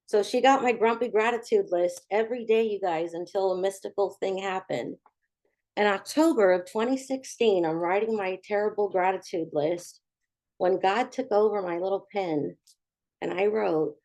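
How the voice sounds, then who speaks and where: A woman's voice: medium pitch, a little slow, a little mellow. A middle-aged woman giving a candid, humorous personal recovery testimony, acting out the voices of the people in her story. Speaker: recovery speaker.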